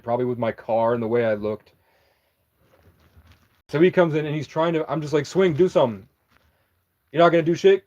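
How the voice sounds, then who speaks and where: A slightly mellow, medium-pitched young man, a vlogger, shares a story in a loose, meandering way. Swear words pepper his speech as he keeps backtracking to set things straight. The audio is dull lo-fi.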